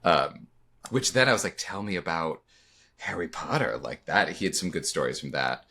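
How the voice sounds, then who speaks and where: A man's voice: low voice, lively intonation, normal speed, bright, forceful tone. A man co-hosting a podcast, telling stories in a chatty way with lots of restarts and quoted asides. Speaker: podcast co-host. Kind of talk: casual chat.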